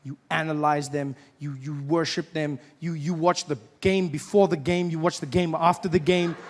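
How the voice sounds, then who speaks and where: A man performing a lively stand-up comedy routine, slipping in and out of mimicked voices. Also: fairly high pitch, moderate pace. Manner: animated, swings into mimicked voices. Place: theater stage before an audience. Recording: live stage set with loud crowd and noise.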